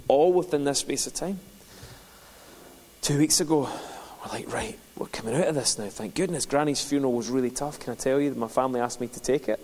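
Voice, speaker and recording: A pastor tells a personal story during a sermon in a conversational way, then builds to passionate preaching. His voice is a little high with a darkish tone, heard through a long hall reverb.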